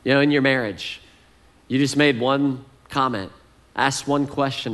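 Casual male pastor, mid-pitched, easygoing sermon delivery with plenty of "kind of". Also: moderate pace, creaky. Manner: conversational, relaxed, fillers like "kind of".

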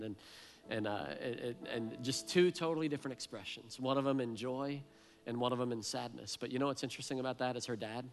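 A man in his thirties preaching a heartfelt sermon, earnest and emotional, often repeating his words. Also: mid-range voice. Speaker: pastor.

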